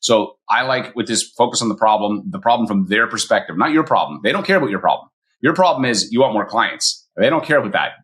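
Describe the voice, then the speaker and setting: A middle-aged man speaks quickly in a somewhat low voice, hosting a solo podcast with casual coaching talk. He slips into short quoted voices as he explains his points. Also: expressive, fairly bright tone. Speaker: mortgage broker and podcast host.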